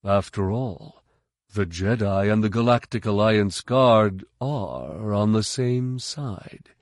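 A man voicing a sly, smooth-talking male security officer, amiable on the surface and quietly menacing. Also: lowish voice, slow, dry recording, clean studio sound.

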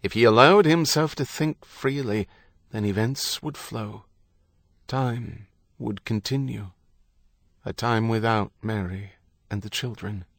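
A man narrating an audiobook in a measured, grave reading. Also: lowish voice, a bit bright, no room sound, studio quality. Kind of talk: scripted narration.

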